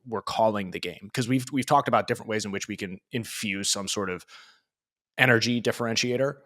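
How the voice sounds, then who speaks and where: A man co-hosting a sports podcast, reasoning his points out loud in a measured, casual way. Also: fairly low pitch. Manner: thinking aloud, restarts, measured. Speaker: podcast co-host.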